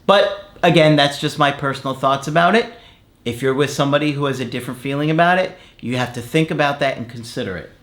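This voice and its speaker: A man's voice: mid-range voice, fast, fairly bright tone. A man working as a relationship coach, frankly and emphatically giving advice in answer to viewer comments.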